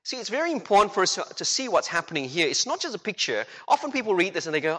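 A man preaching a sermon as a pastor, animated and full of rhetorical questions, acting out the quotes he tells. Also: high-pitched, very fast, hardly any pauses. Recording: long hall reverb.

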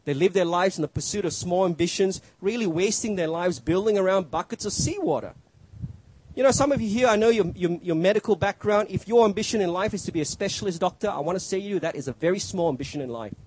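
A man's voice: high-pitched, animated, fast talker, darkish tone, slight background noise, low-quality recording. A middle-aged male pastor preaching a sermon, emphatic, his voice rising and dropping for effect.

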